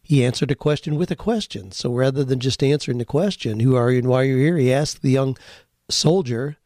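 Folksy, encouraging older man, mellow tone. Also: mid-range voice, a little fast, no room sound, clean studio sound. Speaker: podcast host answering listener questions. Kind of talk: conversational advice with storytelling.

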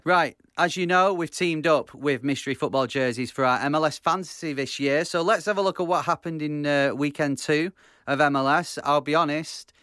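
A British man hosting a football podcast, leading the roundup in a brisk, chatty way. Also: fairly high pitch, pushed and bright, clear, resonant tone, no room sound, studio quality. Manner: brisk, runs the roundup and sponsor reads. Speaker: podcast host. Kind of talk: casual sports chat.

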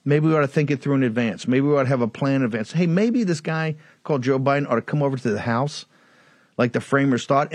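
A man's voice: medium pitch, no room sound. Emphatic older man hosting talk show. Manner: emphatic, repetitive, rhetorical questions. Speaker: political talk show host. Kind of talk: fiery political commentary.

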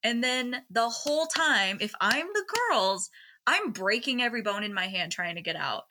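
A woman in casual podcast chat, blunt and animated, laughing often. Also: on the high side, normal speed, noisy background. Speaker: co-host.

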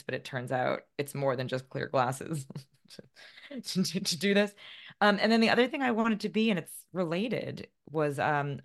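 Low-voiced, chatty woman author. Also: creaky. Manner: chatty, self-deprecating, laughs often. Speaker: author guest. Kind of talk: casual interview conversation.

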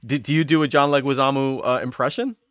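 A man's voice: mid-range voice, steady tone, fast, a bit bright, dry recording, studio quality. A man hosting an interview podcast, easygoing and encouraging, asking questions and laughing along. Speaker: podcast host.

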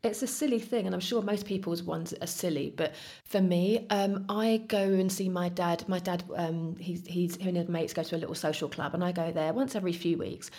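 A woman's voice: lowish voice, brisk, few pauses. A woman from England, a guest on a podcast, telling her own story in casual chat and acting out what she and others said. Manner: lively storytelling, acts out her own past words.

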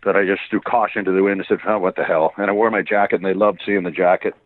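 A man's voice: fairly low pitch, level tone, fast, no echo. A man from Canada, a voice actor guest, telling rambling anecdotes with frequent chuckles in a casual interview. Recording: tinny phone-like line, dry.

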